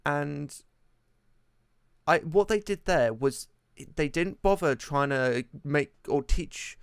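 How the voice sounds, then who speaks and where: A man in casual podcast chat, hesitant and halting, with many ums as he searches for examples. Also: fairly high pitch, animated, creaky, smooth, dry recording, clean studio sound.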